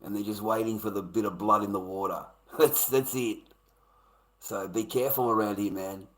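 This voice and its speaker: A man's voice: fairly low pitch, fairly even intonation, moderate pace, low-quality recording. An Australian man ranting casually to his livestream chat, blunt and swearing constantly.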